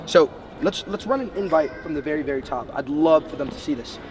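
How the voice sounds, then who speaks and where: Brisk fast-talking young man coaching. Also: on the high side. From Bahamas. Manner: brisk, emphatic, lays out numbered steps. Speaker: sales trainer. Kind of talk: motivational coaching talk. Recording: distant mic, faint street noise.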